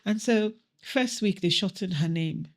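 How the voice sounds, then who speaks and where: A woman's voice: lowish voice, moderate pace. A middle-aged woman guest, from Nigeria, telling stories in a podcast interview and acting out the dialogue she quotes. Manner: animated storyteller who acts out quoted dialogue.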